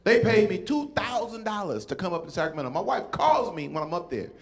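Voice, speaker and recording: Man, stand-up comic, pastor, high voice, very expressive pitch, echoey room. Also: fairly quick. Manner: animated, teasing the audience with repeated "right?". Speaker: comedian and pastor. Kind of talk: stand-up comedy.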